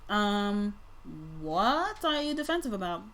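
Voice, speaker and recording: A woman does a casual tarot reading for her viewers in a sing-song, mid-range voice, taking it slowly. She's blunt, swears freely, and swings from soft musing to loud outbursts.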